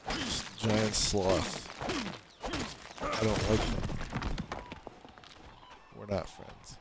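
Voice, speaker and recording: Male streamer, unhurried drawl, jokey fake-solemn monologue over gameplay. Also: lowish voice, fairly even intonation, heavy background noise. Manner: mock-earnest confessional rambling with self-mocking jokes and laughs. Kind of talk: rambling let's-play commentary.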